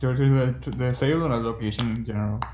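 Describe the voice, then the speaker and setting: A man playing in a tabletop game, joking and talking fast and eagerly. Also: medium pitch, steady tone, darkish tone, highs cut off. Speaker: player.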